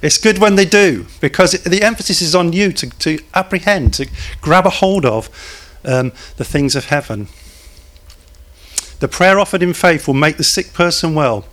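A man's voice: on the high side, animated, normal speed, a bit bright. A man preaching a sermon in a church, talking conversationally, putting questions to the congregation and cracking small jokes.

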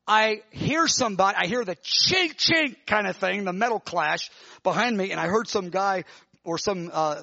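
A man preaching, telling a vision in an animated, emotional way with many restarts. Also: sits high, moderate pace, vocal fry, dry recording, lo-fi sound. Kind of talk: sermon testimony, telling a vision.

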